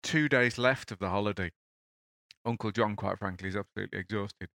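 A man hosting a podcast, chatty and animated, telling a story off the top of his head. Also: on the low side, fairly quick, gravelly, no echo, studio quality. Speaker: podcast host. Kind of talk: casual podcast talk and storytelling.

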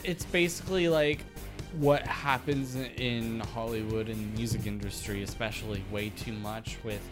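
Laid-back swearing man with music behind. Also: mid-range voice. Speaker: podcast co-host. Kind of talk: casual chat.

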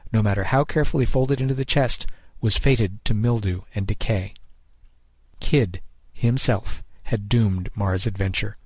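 A man giving measured, scripted narration of a short story, close on the mic. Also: lowish voice, a little mellow, no echo.

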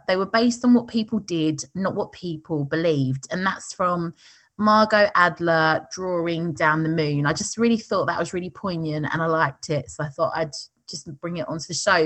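A woman's voice: fairly low pitch, fairly bright tone. A woman co-hosting a podcast in casual chat, chatty with frequent laughs and fillers. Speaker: podcast co-host.

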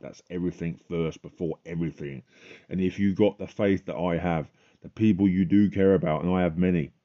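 A man's voice: low voice, dull audio. A man hosting a podcast, giving a fervent, emphatic religious testimony.

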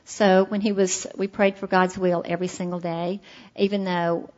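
A woman's voice: on the low side, flat delivery, moderate pace, darkish tone. Middle-aged woman sharing her story, heartfelt and earnest, kinda muffled lo-fi sound. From Alabama, USA. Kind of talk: personal testimony at a meeting.

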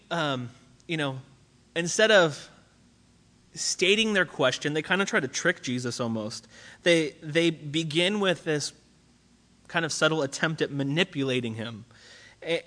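Guy giving a chatty sermon, voice kinda high, big echoey church sound. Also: bright, forceful tone. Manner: casual and conversational, many fillers and restarts. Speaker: preacher. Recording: long hall reverb.

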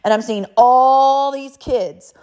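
A woman's voice: high-pitched, slow pace, darkish tone. A middle-aged woman, a mother, telling a personal story in an emphatic, repetitive way.

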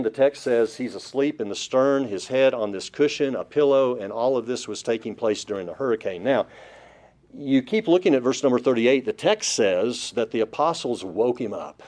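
A man's voice: medium pitch, a little mellow. A man preaching a Bible-study sermon, emphatic, with rhetorical questions put to listeners. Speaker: pastor.

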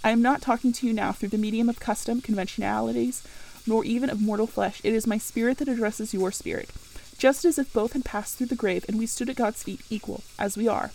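Impassioned young governess, proud and earnest, read by a woman in a storybook reading, voice a touch high. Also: steady tone, fairly quick, vocal fry, a little mellow, poor audio.

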